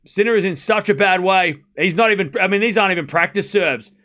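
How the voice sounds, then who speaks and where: High, bright-voiced excitable male commentator. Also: fast talker. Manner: excitable, blunt, swears freely. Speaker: streamer host. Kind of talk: live watchalong commentary.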